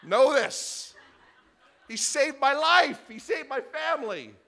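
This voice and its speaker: A middle-aged male pastor preaching a sermon, telling a personal story in an animated way that swings from soft and tender to loud and excited. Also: extremely high pitch, slow, vocal fry. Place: church service before a congregation.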